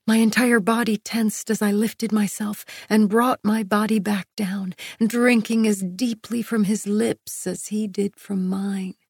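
Slow husky woman narrating romance. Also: mid-range voice, steady tone, dry recording, clean studio sound. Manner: soft, breathy, intimate. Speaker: audiobook narrator. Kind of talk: first-person romance audiobook narration.

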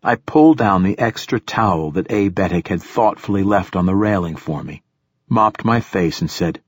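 A male audiobook narrator reads first-person fiction in a measured, steady way. His voice is deep with a husky, breathy grain, and the sound is dry and close, with no room around it. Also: no room sound.

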